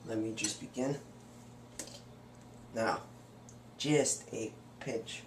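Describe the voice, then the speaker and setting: A man's voice: lowish voice, fairly even intonation, extremely slow, slight background noise. A young man clowning through a home cooking demonstration in a playful, boastful, chatty way, as if hosting a comic cooking show. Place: home kitchen. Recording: roomy kitchen with clattering dishes. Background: faint clatter of cutlery and pans.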